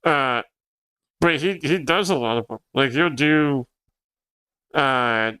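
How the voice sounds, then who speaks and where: A man's voice: medium pitch, slow pace, bright, forceful tone, clean tone, no echo. A young man whose first language is Spanish, chatting casually on a livestream, rambling and laughing often as he answers chat. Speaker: streamer.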